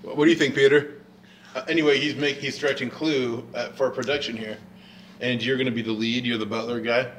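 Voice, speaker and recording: A man's voice: medium pitch, steady tone, a little fast, fairly bright tone. A man hosting a casual podcast chat, teasing and asking his guests questions. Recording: distant mic with faint noise.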